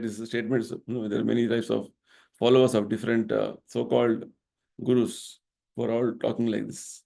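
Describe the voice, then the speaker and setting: A middle-aged man delivers a devotional lecture, with a gravelly, fry-edged texture in his voice. He speaks in a medium register and explains each point earnestly, often pausing to check with the room by asking "right?". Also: mid-range voice, fairly even intonation, darkish tone. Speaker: temple vice president giving a spiritual talk.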